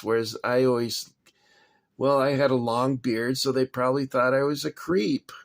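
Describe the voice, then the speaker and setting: Slow, gravelly man rambling at home. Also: mid-range voice. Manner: rambling, agitated, swears, apologizes. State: shaking after anger. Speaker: toy collector vlogger. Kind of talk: casual rambling vlog. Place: home kitchen.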